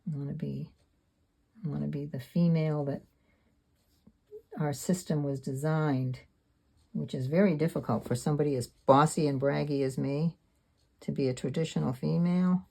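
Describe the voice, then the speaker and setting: A woman in her seventies talks candidly as she paints in her sketchbook, rambling a little, self-deprecating and reflective. Her deep voice is gravelly and warm, fairly even in intonation, at a moderate pace with long pauses.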